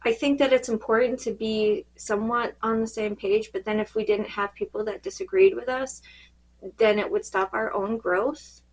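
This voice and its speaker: A woman reading cards in a casual spiritual check-in, her voice fading and a little hoarse, rambling and halting with many fillers. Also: fairly high pitch, fairly even intonation, poor audio. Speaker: tarot card reader.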